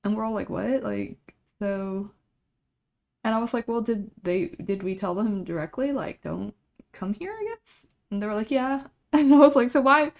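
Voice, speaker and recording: A young woman streams herself drawing and chats casually as she works. She tells a meandering story and laughs often, and her voice has a gravelly creak at the ends of phrases. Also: medium pitch, normal speed, dark tone. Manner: rambling storytelling with frequent laughter.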